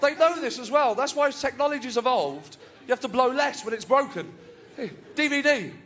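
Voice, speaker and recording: A man doing animated stand-up storytelling on a stage mic. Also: very high voice, brisk, background noise. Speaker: stand-up comedian. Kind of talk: stand-up comedy set. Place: comedy stage. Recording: live show with loud laughing crowd.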